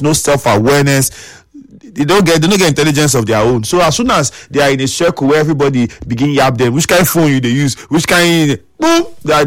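A man's voice: fairly high pitch, no room sound, studio quality. A Nigerian man hosting a radio talk show, lecturing his listeners in a scolding, preachy way and mixing in pidgin.

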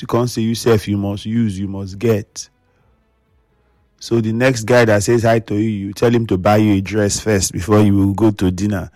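A man's voice: lowish voice, darkish tone, no room sound, studio quality. A Nigerian man hosting a radio talk show, lecturing his listeners in a scolding, preachy way and mixing in pidgin.

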